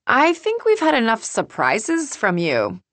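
A woman's voice: on the high side, huge pitch swings, a little slow, fairly bright tone, dry recording, voice pushed up, heavily acted. A woman reading an audiobook, voicing a blunt, sardonic young woman with a pointed delivery.

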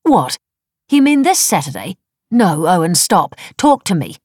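A woman voicing an exasperated middle-aged wife who questions her husband sharply, with a husky voice. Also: fairly low pitch, sing-song, normal speed, darkish tone, no room sound, studio quality, voice pushed up, exaggerated voice.

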